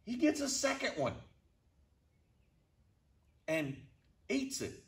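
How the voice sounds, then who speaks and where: A man casually telling a funny travel story to his channel, with a slow, deadpan drawl. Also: extremely high pitch. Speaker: storyteller vlogger. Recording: roomy, distant from the mic.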